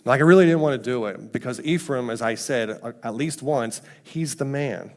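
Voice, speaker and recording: A man giving a casual, conversational testimony sermon in a church, slipping into quoted voices with sudden pitch jumps. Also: moderate pace. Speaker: mission team member speaking at church. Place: church sanctuary.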